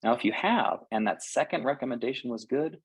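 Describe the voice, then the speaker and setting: A man giving a webinar talk on culture at work, lively and animated, acting out quoted reactions now and then. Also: mid-range voice, a little fast, husky, no room sound, poor audio. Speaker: cultural intelligence speaker.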